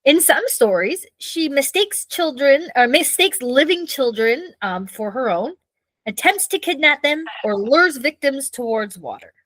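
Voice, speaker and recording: This is a Canadian woman co-hosting a casual ghost-story podcast. Her voice sits high and swoops up and down a lot. She reads her notes loosely and stumbles over hard names, recorded dry and close. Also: lively intonation, a little slow, fairly bright tone, dry recording, rough recording. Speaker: podcast co-host.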